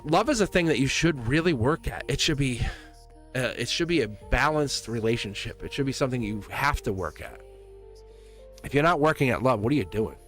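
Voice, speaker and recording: A man doing a live tarot reading for his viewers. His voice sits at an ordinary middle pitch, and he is gushing and reassuring, often laughing and saying the same line twice. Faint music plays underneath. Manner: effusive and encouraging, laughs often, repeats phrases.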